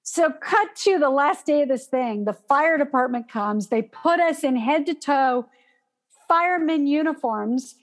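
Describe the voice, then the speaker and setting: A woman telling a personal story in casual conversation, animated and acting out gasps as she goes. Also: sits high, unhurried. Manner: animated, acts out gasps and panicked breathing.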